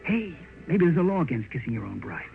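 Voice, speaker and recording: An actor in 1930s radio drama playing a jokey, boisterous young husband who keeps laughing and clowning. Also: male voice, on the high side, very animated, fast talker, vocal fry. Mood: jolly. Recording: dull 1930s radio broadcast with music.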